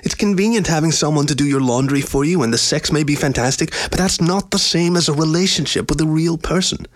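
Man reading a lioness fed up with her man, scornful, clipped, higher voice. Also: fairly quick, lightly acted. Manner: clipped, scornful, rising when angry. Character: sharp-tongued adult lioness, cold and cutting.

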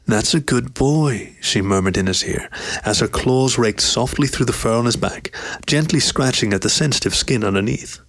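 A man reading a story aloud in an even, steady narration. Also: mid-range voice, normal speed. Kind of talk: scripted narration.

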